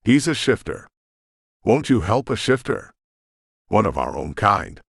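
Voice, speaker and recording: A man's voice: fairly low pitch, sing-song, measured pace, vocal fry, slightly rough, no echo, studio quality, heavily acted. A man voicing an earnest young woman in an audiobook, polite and pleading.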